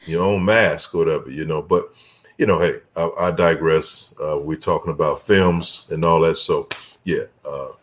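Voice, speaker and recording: A man's voice: extremely low pitch, steady tone, normal speed, a bit bright. A man guest on a talk show, chatting casually, drifting off on tangents and laughing as he spells things out. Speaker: guest filmmaker. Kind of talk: casual podcast chat.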